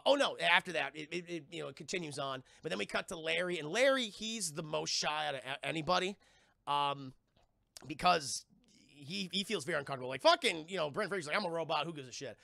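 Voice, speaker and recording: Gravelly, bright-voiced man recapping a show. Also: fairly high pitch, lively intonation, no echo, clean studio sound. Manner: profane, rambling, acts out characters in quick impressions. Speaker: TV review streamer. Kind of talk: casual live-stream recap.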